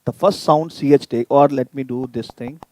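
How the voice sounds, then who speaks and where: A man teaching German in a live online lesson, repeating each sound slowly so viewers can copy it and inviting them to type in questions. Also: mid-range voice, dark tone, no echo. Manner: addresses viewers directly, inviting typed questions.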